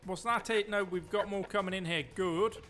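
A man giving excitable, chatty live commentary while he plays a game, joking to himself as he goes. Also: sits high, normal speed, soft background music. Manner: excitable, talks loud, quips at himself. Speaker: streamer.

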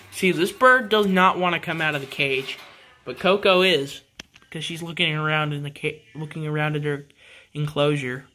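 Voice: mid-range voice, moderate pace, bright, forceful tone, a little hiss or hum. A pet vlogger at home by the birdcages, coaxing the birds in casual, sing-song baby talk.

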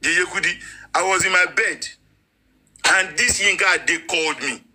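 Bright, high-voiced indignant man. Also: moderate pace, breathy edge, poor audio. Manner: indignant, defensive and insistent.

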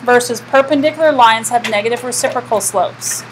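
Woman teacher, classroom lecture, slightly high voice, quizzes the class and answers herself. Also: fairly quick, slight background noise, low-quality recording. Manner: asks the class questions and answers them herself. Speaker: math teacher.

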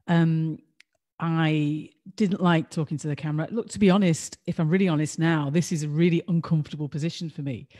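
A woman's voice: low-pitched, darkish tone. A woman co-hosting a livestream, talking candidly and self-deprecatingly in a rambling way over a video call. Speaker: co-host.

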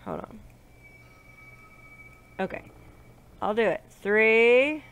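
A sick woman playing a horror game, talking to herself and swearing and yelling at the game. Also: fairly high pitch, expressive, very slow, clean tone. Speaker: let's play gamer.

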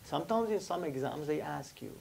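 Against slight background noise, a male anatomy instructor lectures a live class in a slightly high, animated voice that is brisk, a bit mellow, and touched with vocal fry. He writes on the board, asks students questions, and repeats essential terms.

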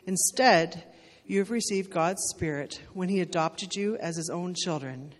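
A woman reading scripture aloud in a measured, steady way during a church service. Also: fairly low pitch. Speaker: scripture reader. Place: church sanctuary. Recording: church hall reverb.

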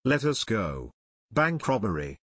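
A man voicing a bold teenage boy detective who shouts urgently in an audiobook. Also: on the low side, very animated, measured pace, husky, no room sound, studio quality, exaggerated voice.

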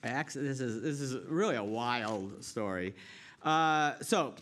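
A male pastor telling a rambling, animated story in his sermon, full of restarts and asides. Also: medium pitch, slow. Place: church sanctuary.

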